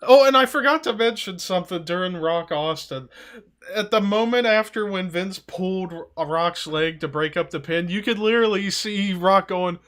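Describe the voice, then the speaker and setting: Podcast co-host, man, high and bright, quick to laugh and joke. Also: lively intonation. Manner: jokey, laughing, does mock impressions. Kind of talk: casual chat.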